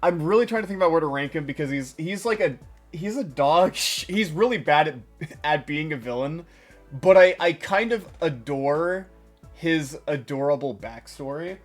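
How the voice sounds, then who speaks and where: Young man, casual stream chat, excitable, rambling, swears a lot, faint music behind. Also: a little high, normal speed. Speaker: stream co-host.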